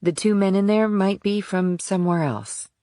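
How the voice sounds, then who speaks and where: A man voicing a calm, sensible woman agent, in a whispered role-play audiobook reading, matter-of-fact. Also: high voice, moderate pace, no echo, clean studio sound, voice pushed up, lightly acted. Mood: steady.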